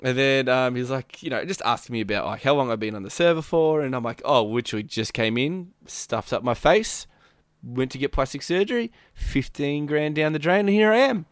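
A man tells a rambling story in casual chat, jumping into quick impressions of the people he met. His voice sits at a middling pitch and sounds dry and close to the mic, with no room around it. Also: no echo. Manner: animated, acts out quotes with laughs. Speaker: podcast co-host.

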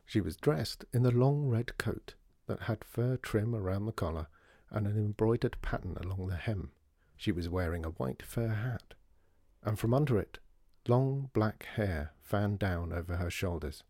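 Expressive low-voiced male storyteller. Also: unhurried, no echo, studio quality. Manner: expressive, does character voices. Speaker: audiobook reader. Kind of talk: storybook narration.

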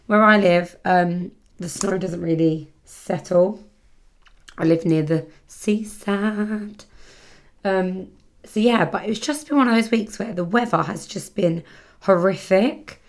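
A woman's voice: mid-range voice, takes it slowly. A British woman hosting a casual solo podcast, chatting in a rambling way, full of fillers and self-corrections. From Britain. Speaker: podcast host. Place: home setting near the seaside.

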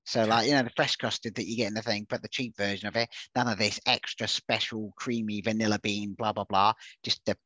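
A man's voice: lowish voice, little pitch movement, a little fast, few pauses, sharp tone, no room sound, poor audio. A man co-hosting a podcast, talking through his food choices in a chatty, picky and jokey way. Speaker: podcast co-host. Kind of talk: casual chat.

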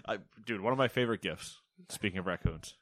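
A man with a fairly low voice co-hosts a gaming podcast, cracking jokes and laughing between news items. His voice sits close and dry with no room around it. He talks in a loose, chatty way. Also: fairly bright tone, no room sound. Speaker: podcast co-host. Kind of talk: casual banter and news rundown.

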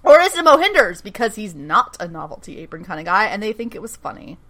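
Fast-talking and sing-song, this medium-pitched, somewhat bright female voice recaps a TV episode in casual podcast chat. She plays out the characters' dialogue and laughs a lot.

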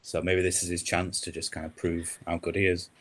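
Deep-voiced easygoing man. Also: monotone, a little fast, fairly bright tone. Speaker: podcast guest. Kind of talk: casual football podcast chat.

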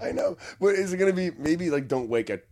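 A young man in casual chat, a profane, animated storyteller who acts out what people said. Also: a little high, quick pace.

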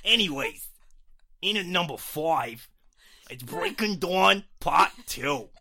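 A man putting on a brash New York guy with a put-on New York accent, counting down a ranking in a loud, laughing, over-the-top manner. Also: high-pitched, animated, slow pace, gravelly, pitched above the performer's own voice, full character voice. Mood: hammy.

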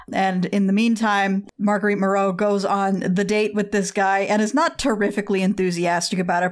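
A woman walks through a film's plot in casual podcast chat. She drops wry asides along the way. Her voice sits at a middle pitch. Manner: wry asides while summarizing. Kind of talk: casual chat, movie recap.

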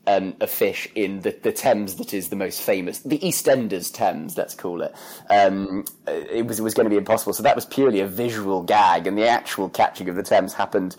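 Young british man, podcast guest, lowish voice, self-deprecating, rambling anecdotes. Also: fairly quick, a little mellow. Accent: British English. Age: 20s. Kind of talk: casual chat, anecdotal storytelling.

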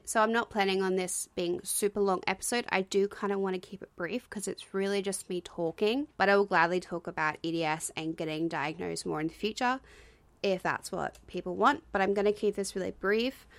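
A woman's voice: mid-range voice, no echo. Breathless woman in her twenties, dry sound. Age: 20s. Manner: fast, casual talk with fillers. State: slightly out of breath. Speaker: podcast host. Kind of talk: solo podcast monologue.

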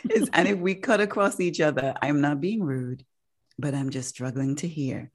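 A woman's voice: lowish voice, moderate pace. A woman hosting a casual podcast chat, chatty and emphatic, often laughing. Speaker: podcast host.

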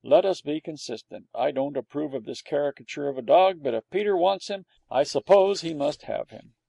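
Brief: man playing a sardonic, measured father, mellow and gravelly. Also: fairly high pitch, dry recording. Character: wealthy father, dry and sardonic.

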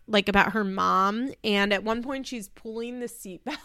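A woman giving a casual, opinionated recap, chatty with many fillers and acting out quotes in high voices. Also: steady tone, fairly quick, few pauses, bright, forceful tone, clear, resonant tone, no room sound, studio quality. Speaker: commentator recapping a reality show.

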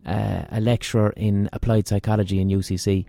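A man's voice: lowish voice, level tone, brisk, creaky, dark tone, no room sound. Irish man, swearing casual podcast storyteller. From Ireland. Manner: rambling, profane, self-mocking. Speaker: podcast host.

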